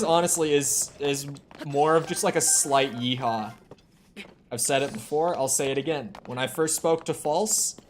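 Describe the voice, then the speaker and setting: A man's voice: a little high, fairly bright tone, a little hiss or hum. A man streaming a video game, chatting casually, swearing and breaking into indignant exclamations. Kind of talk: casual live-stream chat while gaming.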